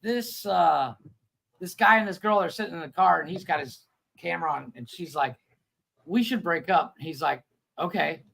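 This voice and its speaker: A man's voice: a little high, moderate pace, vocal fry, fairly bright tone, rough recording. A man co-hosting a comedy podcast, rambling through funny video stories and laughing as he goes. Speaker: podcast co-host. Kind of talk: casual comedic chat.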